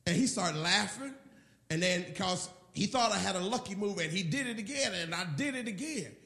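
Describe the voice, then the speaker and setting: A man's voice: high voice, expressive, normal speed, creaky, bright, forceful tone, echoey room. A middle-aged man, a pastor, preaching a sermon with emphatic storytelling. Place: church.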